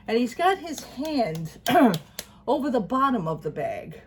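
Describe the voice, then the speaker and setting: A woman's voice: mid-range voice, animated, normal speed, slight background noise. A woman chatting casually to her channel, telling a long story and acting out both sides of a conversation. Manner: chatty storyteller, acts out dialogue, laughs often. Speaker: vlogger. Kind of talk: casual chat to camera.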